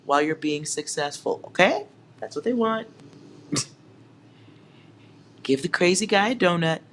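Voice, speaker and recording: Tarot reader, teasing sarcastic tone, frequent laughter, unhurried drawn-out pace, mid-pitched voice, faint room hum behind. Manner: laughs often, playfully sarcastic, talks directly to viewers. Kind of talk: collective tarot reading, joking and sarcastic.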